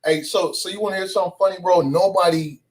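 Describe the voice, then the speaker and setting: A man with a high, light voice tells a story as a podcast guest. He talks in loose slang and keeps the telling animated. He comes across as a comedian spinning a yarn. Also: fast talker.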